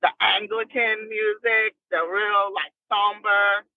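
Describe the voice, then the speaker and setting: A woman's voice: medium pitch, fairly even intonation, slow pace, no echo. A woman from New Jersey, a recording artist, telling her life story as a podcast guest in a chatty way and laughing often. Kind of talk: casual storytelling interview. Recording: tinny phone line.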